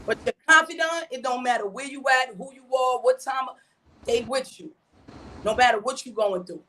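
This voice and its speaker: A mother chatting on a podcast, animated and emphatic, full of slang and repeating "you know what I mean". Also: high-pitched, moderate pace, slight background noise. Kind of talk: casual podcast chat.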